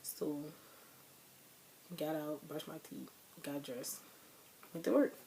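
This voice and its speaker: A woman's voice: low voice, slow, vocal fry, dark tone, a little hiss or hum. A young woman telling her viewers a sad personal story in a casual, chatty way, talking straight to them as y'all. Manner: emotional, grieving retelling. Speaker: vlogger.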